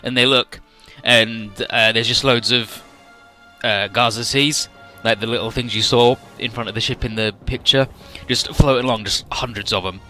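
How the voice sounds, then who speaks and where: A man chatting casually, retelling a story with animated energy, swearing and mimicking the characters. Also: medium pitch, normal speed, faint music behind. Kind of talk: casual chat.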